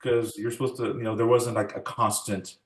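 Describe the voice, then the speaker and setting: A man's voice: lowish voice, level tone, brisk, roomy sound. A man in his forties in an oral history interview, telling family stories in a reflective way and acting out the dialogue. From United States. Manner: reflective storytelling, acts out quoted dialogue.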